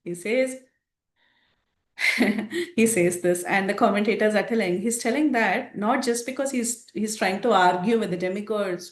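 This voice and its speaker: A woman teaching a scripture class, retelling the story in a lively way and laughing often. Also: medium pitch, moderate pace, reverberant. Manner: animated storytelling with frequent laughs.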